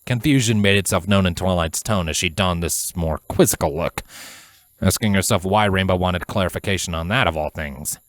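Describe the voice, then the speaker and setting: A man narrating a fan fiction audiobook in a measured, even storytelling manner. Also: sits low, no room sound.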